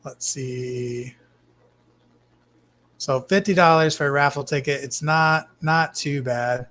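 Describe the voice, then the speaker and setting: A man hosting a casual live stream from his fish room, greeting chat viewers by name in a relaxed way. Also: medium pitch, slow pace, a little hiss or hum. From Arizona, US. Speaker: livestream host.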